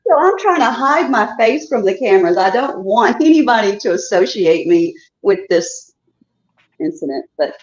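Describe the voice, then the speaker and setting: A woman's voice: mid-range voice, lively intonation, normal speed, lo-fi sound. A woman from Chicago calling in to a show, telling a story chattily with laughing asides. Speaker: caller. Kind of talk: casual storytelling on a call-in.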